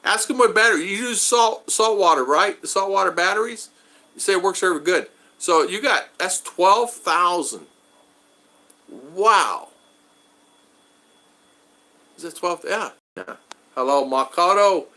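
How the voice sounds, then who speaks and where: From his home in the Philippines, a man hosts a casual livestream, reading chat and talking loosely with viewers by name. His high, expressive voice is pushed and bright, a little slow with long pauses, and he rambles and repeats himself often.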